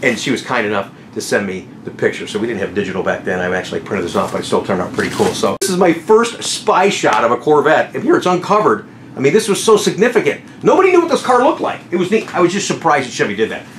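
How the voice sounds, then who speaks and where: A middle-aged man telling stories about his car sales career in a casual vlog, excited, often laughing and acting out what people said. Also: medium pitch, quick pace, roomy sound, slight background noise. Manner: excitable, laughing, acts out quotes. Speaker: car salesman and channel host.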